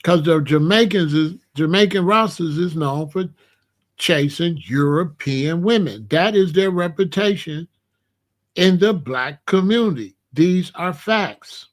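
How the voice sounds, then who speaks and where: A male commentary host from Chicago, telling stories in an opinionated monologue with animated, slangy street talk. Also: a little high, unhurried.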